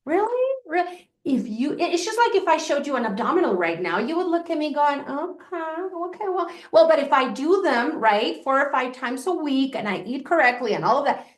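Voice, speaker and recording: Woman, energy medicine teacher, soothing instructional talk, higher voice, echoey room. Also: big pitch swings. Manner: soothing, reassuring, slows to a soft murmur when guiding. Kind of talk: instructional demonstration.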